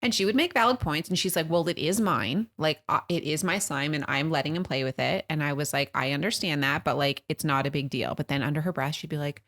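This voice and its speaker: A woman in her thirties with a notably low voice talks casually on a podcast. She tells stories with animated energy and slips into quick impressions of the people she quotes. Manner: animated storytelling, acts out her kids' and her own quotes. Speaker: podcast co-host. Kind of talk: casual chat.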